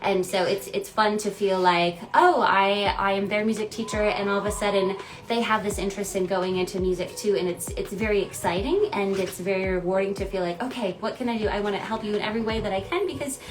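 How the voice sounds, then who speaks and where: A woman music teacher talks through her memories in a relaxed, chatty vlog. She is lively, laughs easily and often backs up to restart a thought. Her voice sits in a middle range, with soft music playing faintly underneath. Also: mid-range voice, brisk, low-quality recording. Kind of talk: casual personal storytelling.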